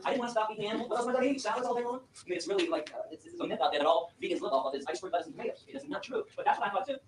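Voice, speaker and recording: Rapid-fire, high-voiced man lecturing. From Michigan, USA. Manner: rapid, animated storytelling, driving and emphatic. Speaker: activist lecturer. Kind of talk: impassioned speech with audience questions. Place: lecture room with audience. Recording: echoey room, distant mic, faint hiss.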